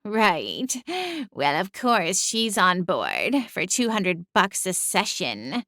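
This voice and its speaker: A woman's voice: mid-range voice, expressive, unhurried, sharp tone, no echo, studio quality. Woman voicing a smug talking cat familiar. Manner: drawling, sing-song, condescending. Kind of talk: audiobook character voice.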